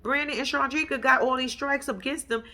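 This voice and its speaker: High-pitched and brisk, this woman hosts a casual vlog recapping a TV episode. She tells it like a story straight to her viewers, "y'all," cursing openly, laughing, and staying animated.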